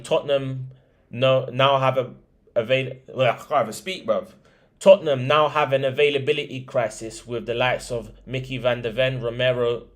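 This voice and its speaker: A young man hosting a football podcast, chatting casually about results and predictions with slang and filler words. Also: medium pitch.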